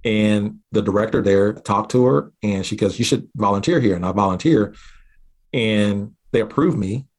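A man from southeastern Oklahoma, a guest earnestly telling a personal story with halting restarts. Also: fairly low pitch, a little mellow. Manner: earnest, halting restarts, slows down at key moments.

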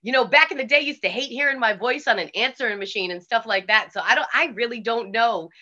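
Boston-accented woman, bright and lively. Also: on the high side, fast talker, dull audio. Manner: animated, swears freely, acts out quotes. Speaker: DJ guest. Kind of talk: casual interview storytelling.

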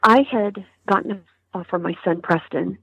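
A woman, a grieving mother, telling her story in an interview in a halting way with many restarts. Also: medium pitch, fairly bright tone, husky, dry recording, muffled recording. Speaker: mother of a murder victim, interview guest. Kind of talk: emotional interview testimony.

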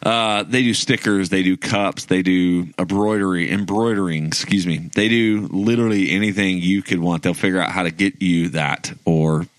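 A man co-hosting a casual sports podcast, laid-back and animated. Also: sits low, normal speed, hardly any pauses, no echo. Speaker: podcast co-host. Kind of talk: casual chat and read ad.

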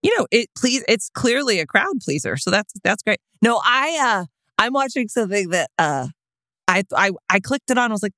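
A woman's voice: medium pitch, very animated, moderate pace, bright, forceful tone, no echo. Woman, 30s, podcast co-host, casual chat, playful, teasing, laughing, dry sound.

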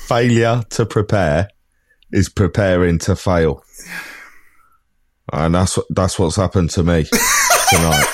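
A Cockney man in his forties co-hosting a podcast in casual chat, laid-back and slangy with frequent laughs. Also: lowish voice. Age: 40s. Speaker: podcast co-host.

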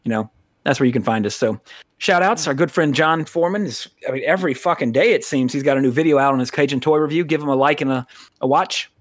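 A man's voice: on the high side, fast, no room sound, studio quality. An American man co-hosting a podcast in a casual, rambling, profane way, laughing often. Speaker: podcast co-host.

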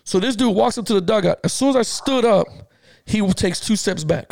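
A middle-aged man with a high, gravelly voice tells a story in a fired-up podcast chat. He keeps circling back in slang and laughs often. His voice is recorded dry and close. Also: fairly quick, a little mellow, dry recording. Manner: slangy, repeats himself. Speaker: podcast co-host. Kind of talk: casual sports podcast chat.

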